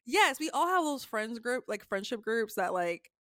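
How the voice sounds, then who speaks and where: A woman co-hosting a podcast in casual chat, animated and slangy, swearing freely and acting out what friends would say. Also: fairly high pitch, normal speed, no room sound, studio quality. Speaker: podcast co-host.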